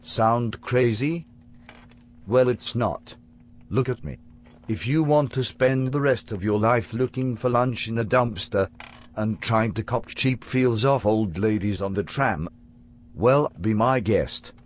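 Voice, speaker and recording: A man putting on a raspy, slow-talking clown with a British accent. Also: mid-range voice, natural voice. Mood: lecturing. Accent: put-on British. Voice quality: raspy from smoking. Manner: slow, pompous, lecturing. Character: drunk chain-smoking future clown, older man, British put-on. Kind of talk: comedy sketch acting.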